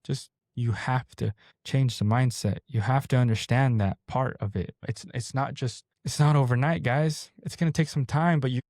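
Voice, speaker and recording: A man's voice: medium pitch, fairly even intonation, normal speed, hardly any pauses, darkish tone, dry recording, clean studio sound. A man in his twenties hosting a podcast, delivering a blunt, straightforward motivational monologue into a camera mic. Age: 20s. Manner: blunt, straightforward, pep-talking. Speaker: podcast host.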